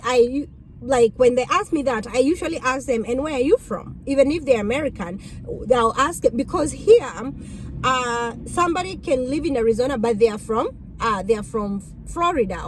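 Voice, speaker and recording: A woman's voice: a little hiss or hum, rough recording. A woman in her thirties from Kenya with a Kenyan accent, chatting casually to camera about her work as a rideshare driver. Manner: chatty, acts out passengers' questions in a higher voice.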